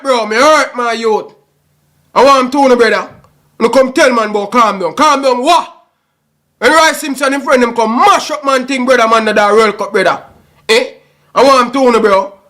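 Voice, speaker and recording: A man's voice: extremely high pitch, sharp tone. A young man with a Jamaican Patois accent, ranting passionately and emotionally to his online audience, repeating himself and calling everyone bro. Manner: passionate, repetitive, frequent "bro" and "brother". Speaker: YouTube football commentator. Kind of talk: emotional rant to camera.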